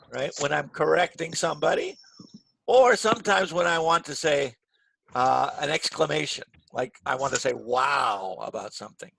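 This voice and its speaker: A male English teacher leads an online grammar class, his voice slightly high and gravelly. He talks patiently and clearly, leaning hard on the words he wants students to copy. The call carries a faint background hiss. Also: normal speed. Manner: clear, patient, models stressed words loudly. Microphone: computer mic on a video call.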